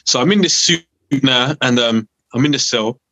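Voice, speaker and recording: A man's voice: medium pitch, moderate pace, no echo, muffled recording. A young man with a London accent, a podcast guest telling a story casually and acting out the people in it. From South East London. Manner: animated, acts out other voices while telling a story.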